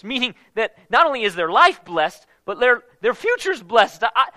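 A man preaching a casual Bible-teaching sermon in an animated, conversational way, with slang mixed in. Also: extremely high pitch, moderate pace, dry recording.

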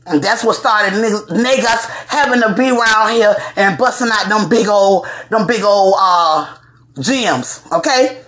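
A woman hosting a celebrity gossip show, talking in a sassy, animated way and bursting into shouts. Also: fairly high pitch, slight background noise. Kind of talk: casual gossip commentary. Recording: echoey room.

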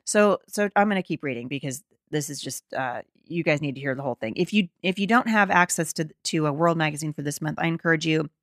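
Speaking fast with few pauses in a deep voice, a middle-aged woman hosting a podcast reads out an article and comments on it with emphatic indignation. She frequently starts her sentences over. The recording is dry and studio quality.

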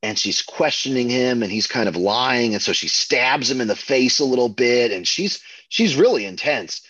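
Man, casual film chat, husky voice, dull dry recording. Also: medium pitch, moderate pace, no echo. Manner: excited, rambling, frequent fillers and restarts. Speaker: podcast co-host.

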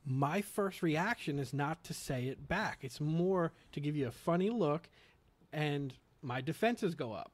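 A man's voice: a little high, lively intonation, measured pace. A man from the US Northeast co-hosting a casual podcast, telling stories in an easygoing, agreeable way. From US Northeast, tri-state area. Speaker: podcast co-host. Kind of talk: casual chat.

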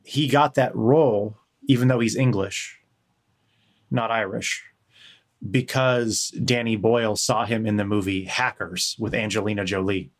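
A deep-pitched man with a Western American accent talks loosely on a podcast. He wanders through his points with plenty of ums and swearing. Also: steady tone, measured pace. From United States. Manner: rambling, full of fillers and profanity. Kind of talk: casual chat.

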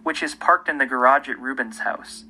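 Bright-voiced man narrating true crime. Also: medium pitch, breathy edge, rough recording. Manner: measured, pointed delivery. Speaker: podcast host.

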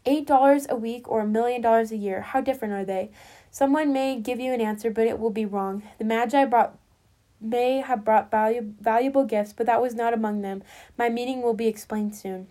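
A woman voicing a quiet, gentle young husband who speaks in a calm, measured way in a storybook reading. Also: a little high, natural voice.

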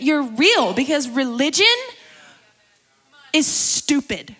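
Casting: young woman, bright, slightly high voice, candid conversational testimony sermon. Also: normal speed. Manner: candid, conversational, laughs often, tearful at times. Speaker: guest speaker at a church gathering.

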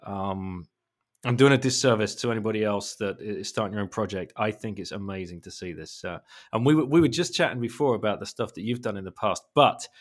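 A man's voice: fairly low pitch, brisk. A man hosting a podcast, chatting casually in an enthusiastic, rambling way. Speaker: podcast host. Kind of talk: casual chat.

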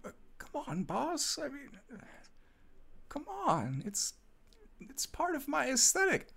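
A man voicing a whiny young male intern who sulks and pleads with his boss in a high, strained voice. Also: wildly swooping pitch, slow pace, gravelly, bright, forceful tone, heavily acted. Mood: whining.

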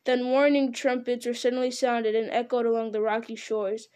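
A woman narrating an audiobook in a measured, dramatic storytelling manner. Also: fairly high pitch, flat delivery, darkish tone, clear, resonant tone. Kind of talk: audiobook reading.

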